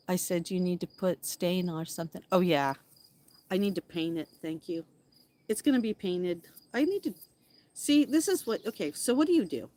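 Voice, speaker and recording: A woman with a lowish, rugged voice chats casually with viewers from her backyard. She drifts between loose talk and playful singsong calls to the birds and chipmunks. Crickets chirp faintly behind her outdoors. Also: a little mellow. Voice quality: low, rugged voice. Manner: chatty, talks to backyard animals in a playful singsong. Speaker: vlogger. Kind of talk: casual live chat with viewers.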